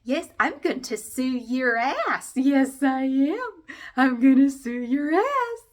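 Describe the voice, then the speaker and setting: A Southern woman putting on a sugary, fake-cheerful housewife voice that politely threatens, drawn out slowly. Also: sits high, big pitch swings, voice pushed up, full character voice. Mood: sugary menace. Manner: syrupy sweet, slow and drawn out.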